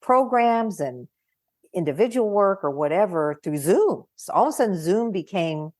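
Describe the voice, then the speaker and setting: An older woman psychologist chatting over a video call, telling animated stories, acting out quoted voices and laughing often. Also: on the low side, moderate pace, dry recording, clean studio sound. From California. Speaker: guest psychologist. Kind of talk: casual conversation.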